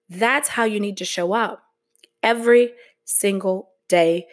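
Woman podcast host, motivational, slow and earnest, casual delivery. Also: medium pitch.

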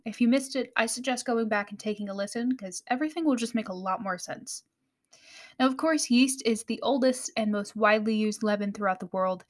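An American woman hosting a baking podcast. Her voice sits a little high, and she explains in a friendly manner with light laughs and the odd self-correction. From United States. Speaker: podcast host. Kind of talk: scripted podcast narration.

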